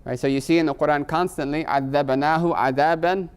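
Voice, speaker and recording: A man's voice: fairly high pitch, fairly even intonation, quick pace, clean tone. A middle-aged man teaching Arabic grammar in a live class. He explains patiently, moves between English and Arabic terms, and keeps checking in with "right?".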